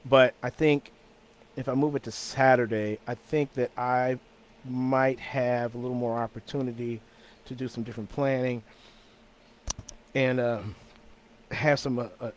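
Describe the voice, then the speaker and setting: A man's voice: medium pitch, flat delivery, moderate pace, slight background noise. A man hosting his own weekly talk show, chatting casually in an easygoing, rambling way with frequent restarts and repeated words. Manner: chuckles between thoughts. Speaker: host of a weekly talk stream.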